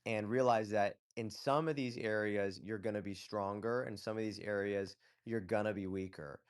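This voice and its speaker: A man's voice: lowish voice, fairly even intonation, moderate pace. A man hosting a casual live audio chat, giving blunt, profane advice and often checking in with "okay?". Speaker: host.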